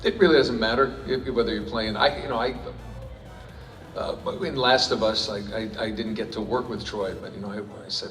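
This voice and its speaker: At a panel in a large convention hall, a voice actor takes audience questions, rambling, joking and often restarting himself. His voice is lowish, a bit bright and at a normal speed, with soft music behind him. The echoey hall was recorded from a distance.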